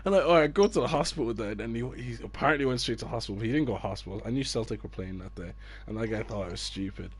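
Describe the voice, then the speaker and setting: A man's voice: medium pitch, very fast, few pauses, slight background noise. A man, a youth football coach telling a story in a casual chat with friends and acting out the people he quotes. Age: 20s.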